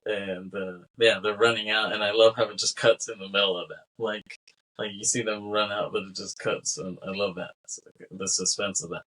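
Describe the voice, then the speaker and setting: A man with a low, slightly husky voice talks through a film's plot in casual podcast chat. He rambles from beat to beat, putting on the characters' lines as he goes and laughing along. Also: fairly even intonation, normal speed, fairly bright tone, low-quality recording. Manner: rambling recap with acted-out quotes and laughs. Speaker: podcast co-host. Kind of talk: casual film discussion.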